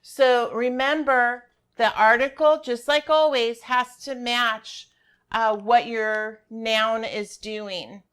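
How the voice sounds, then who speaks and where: A woman's voice: a little high, steady tone, takes it slowly, fairly bright tone, clear, resonant tone. A middle-aged woman teaching a Spanish grammar lesson over a shared screen, patiently checking in with her students as she explains. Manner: patient, checks in with "all right?" and "okay?".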